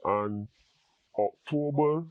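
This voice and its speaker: A man tells his personal story in an interview, earnest and halting, often repeating words as he searches for them. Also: medium pitch, phone-quality sound. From Barbados. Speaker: interview guest in addiction recovery.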